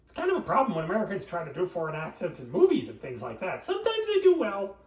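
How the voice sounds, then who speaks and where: A man's voice: sits high, huge pitch swings, fast, far from the mic. A man hosting a live cooking stream, chatting and joking with viewers and laughing often. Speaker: livestream cooking host. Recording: echoey room, voice off-mic.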